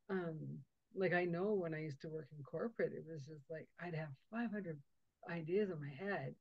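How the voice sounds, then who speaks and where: A woman hosting a podcast, chatty and animated, laughing often as she tells stories. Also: lowish voice, breathy edge, no room sound, lo-fi sound. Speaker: podcast host. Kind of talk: casual interview chat.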